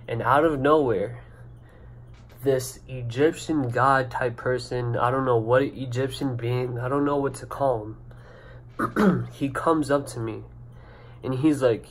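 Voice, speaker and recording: A young man telling a story to camera in a casual, excited, rambling way, full of "like" and "you know", recorded on a camera mic indoors. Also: mid-range voice, slow pace, pauses often. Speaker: vlogger.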